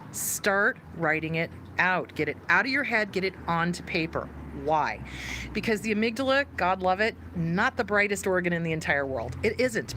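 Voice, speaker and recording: A woman therapist hosting a live stream, giving emphatic, animated advice on anger and reading out viewer questions. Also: medium pitch, a little hiss or hum.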